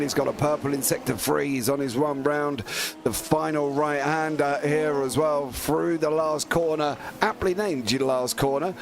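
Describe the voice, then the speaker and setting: A man's voice: on the high side, creaky, background noise. A man commentating a sim racing league broadcast, chatty and upbeat, greeting viewers from the chat. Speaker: lead commentator.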